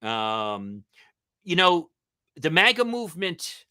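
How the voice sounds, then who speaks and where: A man hosting a live-stream Q&A as a political commentator, answering viewer comments in a halting way with many ums and uhs. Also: fairly high pitch, big pitch swings, sharp tone, clear, resonant tone. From Michigan. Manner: halting, with frequent um and uh fillers.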